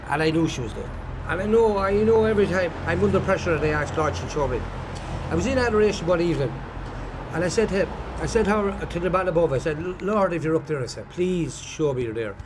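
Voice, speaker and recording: A man's voice: high voice, lively intonation, fast, noisy background. A man with an Irish accent, giving an earnest, rambling personal testimony and repeating himself as he tells stories. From Ireland. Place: outdoors at a pilgrimage site.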